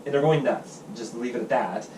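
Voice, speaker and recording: A man hosting a podcast, telling stories quickly and crudely and acting out other people's lines. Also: mid-range voice, mellow, a little hiss or hum. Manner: fast, profane storytelling, acts out quotes. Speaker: podcast host. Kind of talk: casual chat. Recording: echoey room, mic at a distance.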